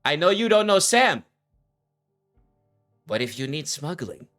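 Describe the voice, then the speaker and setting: A man's voice: a little high, big pitch swings, measured pace, a bit bright, soft background music, pitched above the performer's own voice. A man voicing a cagey male smuggler who talks about himself in the third person. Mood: sly.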